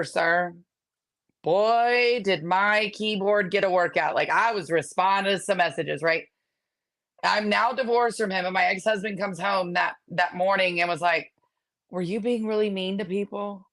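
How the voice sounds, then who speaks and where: A woman co-hosting a sports podcast, telling a story in a sassy, animated way. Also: mid-range voice, measured pace. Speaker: podcast co-host.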